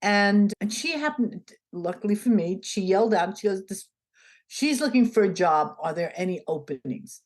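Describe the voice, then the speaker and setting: A woman's voice: medium pitch, moderate pace. A woman being interviewed, telling a story in a conversational way and acting out the dialogue as she goes. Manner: animated, acts out the dialogue in her stories. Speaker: interview guest.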